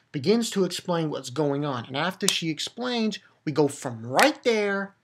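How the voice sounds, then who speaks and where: A man casually recapping a manga chapter, rambling and swearing, with many restarts and bursts of excitement. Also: sits high, slight background noise.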